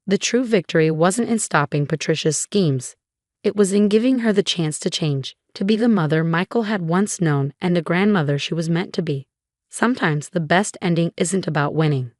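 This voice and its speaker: Woman, first-person story narration, steady, lowish pitch, dry. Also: normal speed, dry recording.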